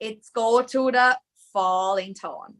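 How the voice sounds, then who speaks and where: A woman's voice: mid-range voice, fairly even intonation, measured pace, a bit bright. A woman with a Thai accent teaching a live lesson, explaining step by step in non-native English, checking in with her learners and adding Thai polite particles.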